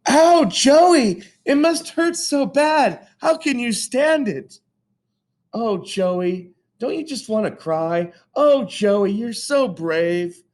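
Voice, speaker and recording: A man's voice: very high voice, expressive, slow, darkish tone, voice pushed up, full character voice. A man reading aloud, voicing a doting fourth-grade girl who fawns and gushes. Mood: gushing. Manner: breathless, doting and fawning.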